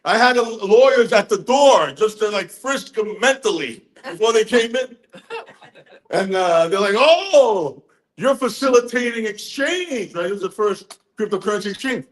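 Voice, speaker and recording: A man in his sixties giving a rambling, profane, excitable speech to a crowd, a little drunk. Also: high voice, normal speed, roomy sound, poor audio. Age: 60s. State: tipsy. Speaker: conference speaker.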